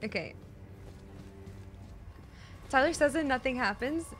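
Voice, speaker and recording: Lively, high-voiced woman streamer. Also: unhurried. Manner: swears, cries out at the game, then apologizes; self-mocking, teasing chat. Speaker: streamer playing a video game. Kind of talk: casual live gameplay commentary to chat.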